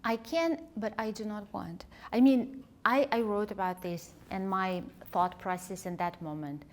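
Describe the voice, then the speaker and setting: A woman leadership coach and author, speaking as an interview guest in a thoughtful, heartfelt way, often pausing to search for words. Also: mid-range voice. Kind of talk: reflective conversational interview.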